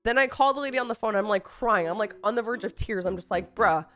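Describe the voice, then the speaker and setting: On her livestream, a young woman from Texas who's sick with a cold talks fast in a fairly bright, somewhat high voice, with faint music in the background. Her casual story wanders, punctuated by exasperated comments.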